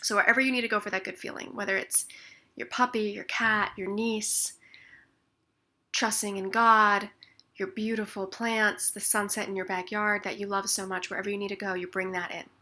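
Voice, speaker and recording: Woman, bright tone, expressive wellness teacher, slips into soft near-whispers. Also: medium pitch, moderate pace. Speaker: tapping practitioner. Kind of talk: instructional explanation with demonstrations.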